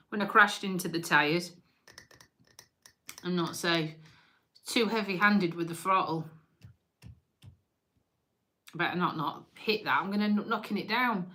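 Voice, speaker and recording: A woman's voice: on the low side, bright, forceful tone. A woman hosting a casual live stream, chatting and joking with viewers, swearing freely and teasing them. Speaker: livestream host.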